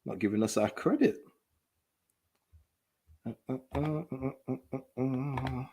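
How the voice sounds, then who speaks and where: Husky and slow, this mid-range voice belongs to an excitable football watchalong streamer who reacts live in a casual chat, reads viewers' comments aloud, and laughs a lot.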